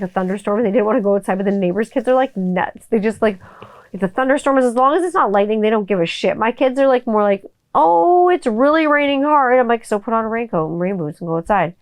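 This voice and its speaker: A middle-aged woman hosts a casual solo podcast, chatty and profane, with a slightly mellow voice. She often breaks into high kid voices for quotes.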